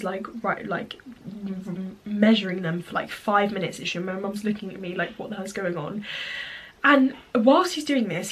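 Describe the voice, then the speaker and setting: Young girl vlogging a story, bit of a cold, breathy husky voice, lots of "like". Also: medium pitch. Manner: chatty, animated storytelling with frequent fillers. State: has a cold. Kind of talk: casual storytime vlog.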